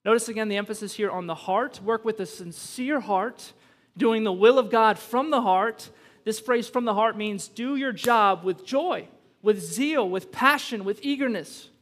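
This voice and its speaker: A man's voice: high voice, measured pace, a bit bright. A man preaching a sermon as pastor, emphatic and conversational, with bursts of humor and rising intensity. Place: church sanctuary. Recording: long reverb from a large hall.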